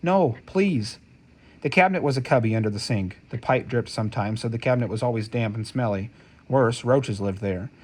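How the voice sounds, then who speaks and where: A man reading a novel aloud as an audiobook, in steady, measured first-person storytelling. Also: medium pitch. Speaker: audiobook narrator.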